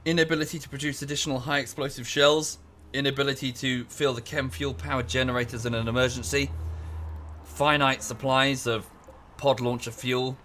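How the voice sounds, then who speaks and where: A man's voice: mid-range voice, pushed and bright, a little hiss or hum. Rambling English man streaming a game. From England. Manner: rambling, self-correcting, chatty with chat. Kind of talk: casual livestream chat over gameplay.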